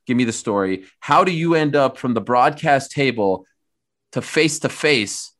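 A man's voice: medium pitch, expressive, a little slow, a bit bright. A man hosting a casual interview chat, easygoing and asking questions. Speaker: podcast host.

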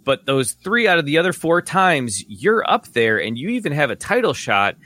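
A man's voice: on the high side, very animated, normal speed, bright, forceful tone. A man co-hosting a casual sports podcast, rambling through long hypotheticals. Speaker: podcast co-host.

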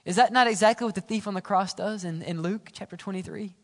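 A middle-aged man preaching a sermon as pastor, building intensity and then dropping to soft, low tones on key lines. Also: quick pace. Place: church sanctuary. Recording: reverberant church sanctuary.

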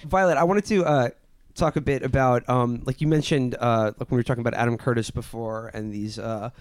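A man co-hosting a casual film podcast, tossing out deadpan jokes among many fillers. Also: medium pitch, brisk, dry recording. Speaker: podcast co-host.

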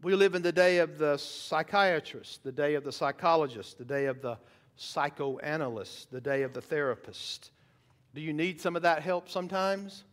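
A man's voice: a little high, moderate pace. A man preaching a sermon in church, emphatic, asking the congregation rhetorical questions. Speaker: pastor. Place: church sanctuary.

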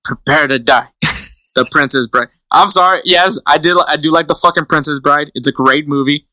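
A man's voice: on the high side, a little fast, bright, forceful tone, dry recording. A young man co-hosting a podcast in casual chat, teasing and full of fillers as he reads out lists. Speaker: podcast co-host.

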